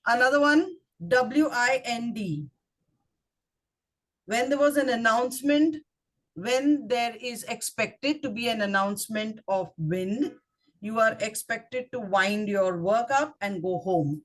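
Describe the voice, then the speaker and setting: A woman with an Indian English accent walks a speaking club through tricky words. Her voice sits slightly high, and she spells terms out letter by letter before testing the group with questions. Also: measured pace. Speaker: grammarian at a speaking club meeting. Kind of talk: instructive club talk.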